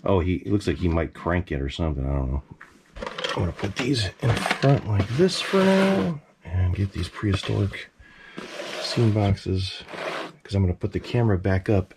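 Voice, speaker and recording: A man's voice: low voice, moderate pace, very noisy. A middle-aged man casually chatting about his collection in a basement, rambling with plenty of "you know"s and fillers. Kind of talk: casual vlog chat. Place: basement room.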